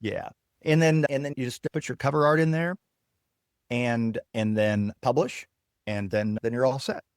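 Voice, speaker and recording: A man, a technology guest, explaining and demonstrating software with enthusiasm in a casual interview. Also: medium pitch, fairly even intonation, normal speed, no echo, clean studio sound. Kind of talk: casual interview with screen demo.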